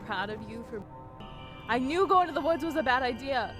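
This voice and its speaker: A woman streaming a video game live, chatting with viewers and breaking into loud yells and laughter. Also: high-pitched, normal speed, over music. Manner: animated, bursts into yelling and laughter. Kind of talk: live gameplay commentary.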